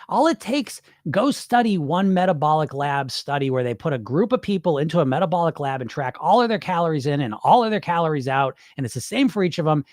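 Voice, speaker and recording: A man's voice: fairly high pitch, no room sound, studio quality. A middle-aged man, a weight loss coach, talking emphatically with rhetorical questions, swearing freely and acting out his own inner voice. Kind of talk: direct-to-camera advice talk.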